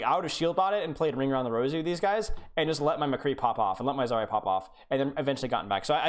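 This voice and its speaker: Blunt man coaching a replay, lively pitch. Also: slight background noise. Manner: blunt, exasperated coaching with repeated urging. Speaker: game coach reviewing a player's replay. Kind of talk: live-streamed replay review.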